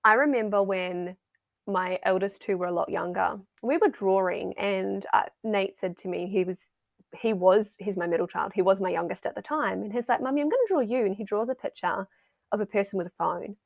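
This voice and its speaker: A middle-aged woman with a gravelly, creaky edge to her voice talks casually as a podcast guest. She acts out little everyday scenes in quoted voices. The recording is close and dry. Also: mid-range voice, normal speed, dry recording, phone-quality sound. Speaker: wellbeing and mindset coach, guest.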